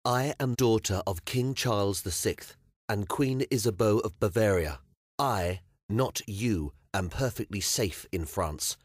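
A man's voice: medium pitch, very animated, unhurried, darkish tone, dry recording, studio quality, voice pushed up. A male audiobook narrator voicing a proud, blunt young medieval queen who speaks firmly and plainly. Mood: commanding. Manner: firm, commanding, matter-of-fact. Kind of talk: audiobook character voice.

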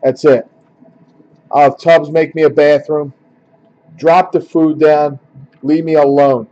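Grumbling card-break host, dull audio. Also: male voice, on the high side, little pitch movement, slow, mellow. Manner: grumbling, joking with viewers. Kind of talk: casual live card-opening chat.

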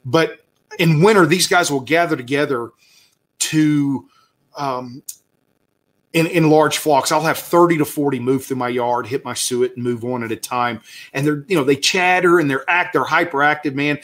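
A Southern US man with a higher, somewhat bright voice presents birding slides at a moderate pace. As the guide, he's enthusiastic and wandering, heavy on fillers and restarts.

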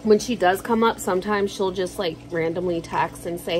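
A woman's voice: lowish voice, steady tone, normal speed, a little hiss or hum, rough recording. A woman vlogger chatting casually to camera at home, telling stories in a slangy, joking way. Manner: chatty, slangy, jokey storytelling.

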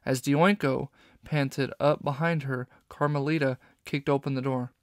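Guy reading a kids' audiobook, gravelly voice, dry close sound. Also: mid-range voice, measured pace, dry recording. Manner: steady storytelling. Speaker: audiobook narrator. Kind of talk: scripted audiobook narration.

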